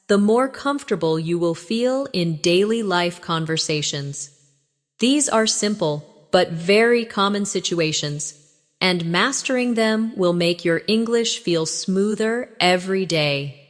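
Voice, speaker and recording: A woman's voice: on the low side, expressive, unhurried, long reverb tail. A woman narrating a scripted English lesson, patiently drilling short everyday phrases for the listener to repeat. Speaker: English teacher.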